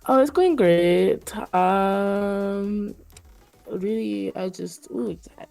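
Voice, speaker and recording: A woman's voice: mid-range voice, extremely slow, creaky, darkish tone, voice pushed up. A woman voicing a theatrical male adventurer who gushes breathily, with a raised voice and faint music behind. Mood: gushing.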